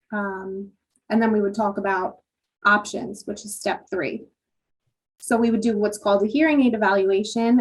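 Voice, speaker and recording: A woman audiologist giving a virtual presentation, explaining hearing tests and devices in a plain tone with frequent ums and you knows. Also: medium pitch. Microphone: computer mic on a video call.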